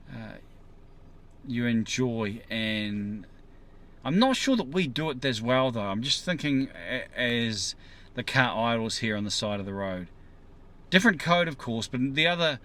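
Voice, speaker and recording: A man's voice: mid-range voice, pushed and bright. A man talking casually to his viewers from a parked car, musing in a rambling way and asking them questions. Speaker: vlogger. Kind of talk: casual monologue to camera.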